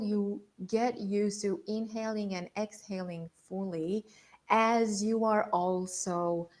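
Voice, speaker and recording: A woman leadership coach leading an online masterclass, calmly guiding listeners through breathing exercises and repeating her points. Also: medium pitch.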